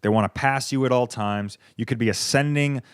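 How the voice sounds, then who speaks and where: A young American man talks straight into a close, dry microphone, his voice smooth and clean. He rambles through a casual solo podcast, swearing freely and drifting into sarcastic tangents. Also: medium pitch, a little fast, dry recording. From United States. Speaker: podcast host.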